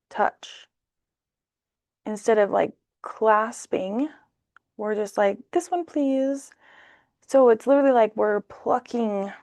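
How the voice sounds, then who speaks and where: Reading tarot to camera, a woman keeps things relaxed and talkative, slipping into playful voices along the way. Her pitch sits in the middle of the female range with a slightly mellow tone. Audio is dry and close-miked, with hardly any room ambience.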